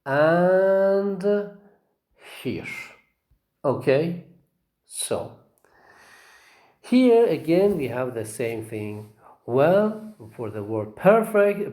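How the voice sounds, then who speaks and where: Slow, lively-voiced male teacher. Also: mid-range voice. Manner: slow, patient, repeats phrases and checks with "okay?". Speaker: English teacher. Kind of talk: recorded phonetics lecture.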